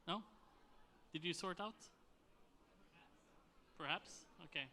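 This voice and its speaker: A man hosting a convention stage event, calling up presenters in a relaxed, joking way. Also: high voice, slow. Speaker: event host.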